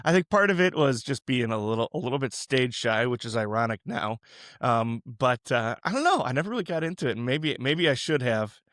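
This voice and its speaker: A male podcast host with a mid-range voice, speaking casually and thinking out loud as he goes. The recording is dry and close, with no room sound. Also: medium pitch, a little fast, no echo. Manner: relaxed, chatty, musing aloud with restarts. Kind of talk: casual Christian podcast interview.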